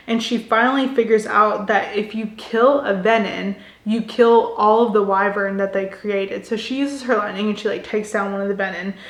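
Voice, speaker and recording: Young woman, casual book recapper, chatty, filler-heavy, mid-pitch, echoey room. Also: fairly bright tone.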